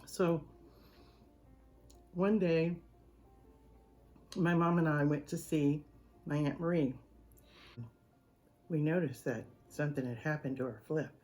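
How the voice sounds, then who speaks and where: A woman's voice: deep voice, takes it slowly, pauses often, a little mellow, faint music behind. A middle-aged woman with a Southern US accent, hosting a cooking channel and telling a chatty story to the camera while laughing through it.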